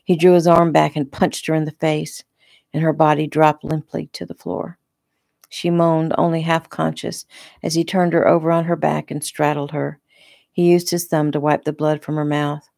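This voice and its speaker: A woman reads her own novel aloud in a relaxed, conversational way, as if sitting in the room with the listener. Her voice is low and gravelly, and the recording is close and dry. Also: moderate pace, dry recording. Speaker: author reading her own book. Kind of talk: casual audiobook narration. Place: home room.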